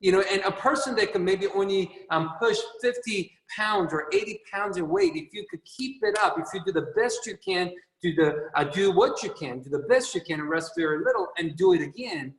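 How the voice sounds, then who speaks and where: A man gives a motivational talk to his team over a video call, earnest and repetitive and quick to laugh at his own jokes. His voice sits a little high for a man. It sounds roomy, with a long tail of reverb, as if he sits back from the mic. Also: lively intonation, distant mic. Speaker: company chairman. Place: training room.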